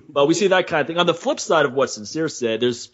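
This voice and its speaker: A man's voice: fairly high pitch, animated, a little fast, fairly bright tone, breathy edge. A man hosting a podcast, telling stories bluntly and laughing between points. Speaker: podcast host. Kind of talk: casual podcast chat. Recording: dull lo-fi audio.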